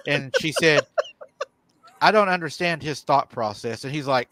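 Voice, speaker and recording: A man hosting a live paranormal show, retelling a viewer's encounter in an animated way and chuckling often. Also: on the high side, moderate pace, dry recording.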